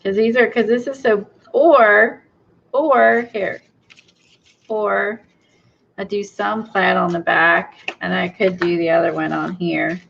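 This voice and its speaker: Chatty woman with a gravelly voice. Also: mid-range voice, fairly even intonation, slow, a bit bright, a little hiss or hum. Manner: chatty, gushing, thinks aloud. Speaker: craft video host. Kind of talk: casual crafting chat. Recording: dull lo-fi sound.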